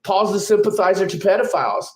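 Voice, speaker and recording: A man's voice: sits high, expressive, fast. A man hosting his channel, ranting angrily and profanely at a rival. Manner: angry, profane, accusatory. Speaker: channel host. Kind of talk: ranting commentary. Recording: echoey room with faint noise.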